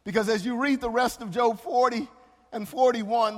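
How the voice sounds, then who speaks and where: A male pastor preaching a sermon, moving between loud, drawn-out exclamations and soft, hushed passages. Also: very high voice, steady tone. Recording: long hall reverb.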